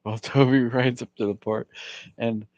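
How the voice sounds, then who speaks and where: A man telling a personal faith story in a rambling, halting way, with many fillers and little chuckles. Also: mid-range voice, steady tone, darkish tone, no echo, highs cut off.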